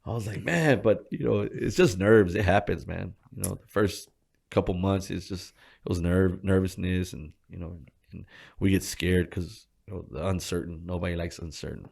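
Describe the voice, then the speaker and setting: A man, a gym co-owner, telling his story in a casual interview, swearing freely and speaking in animated slang. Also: sits low, normal speed, creaky, husky.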